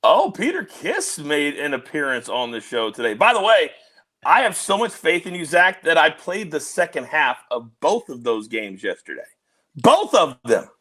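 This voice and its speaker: Lively high-voiced male betting show host. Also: normal speed. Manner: excitable, teasing, big swings in loudness. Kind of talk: energetic podcast hosting. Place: on the road, remote.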